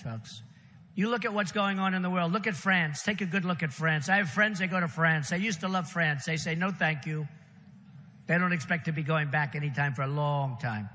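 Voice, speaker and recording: A man speaks at a political rally, his voice high and very bright, with a forceful edge. He rambles and repeats himself, throwing punchy asides at the crowd. The sound carries a long arena reverb over faint background ambience. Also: slight background noise. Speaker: political candidate. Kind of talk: campaign rally speech. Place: large rally venue.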